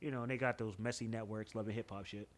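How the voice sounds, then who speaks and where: A young man telling a story on a podcast in an animated, laughing, profane way, a bit stuffy-nosed. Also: fairly low pitch, fast talker. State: stuffy nose. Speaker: podcast co-host. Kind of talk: casual storytelling chat.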